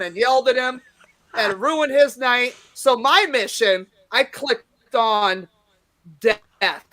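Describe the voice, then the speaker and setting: Woman stand-up in her 50s, bright forceful voice, brash and foul-mouthed, acts out her stories. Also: a little high, measured pace. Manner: brash, profane, acts out quotes loudly. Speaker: stand-up comedian, guest. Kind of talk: casual interview storytelling.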